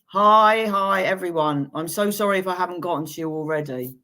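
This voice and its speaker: A woman's voice: lowish voice, a little fast. A woman giving a live-streamed tarot reading, chatty and giggly, laughing at her own jokes while reassuring viewers. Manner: chatty, giggly and self-amused; warm, reassuring advice to viewers. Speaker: tarot reader.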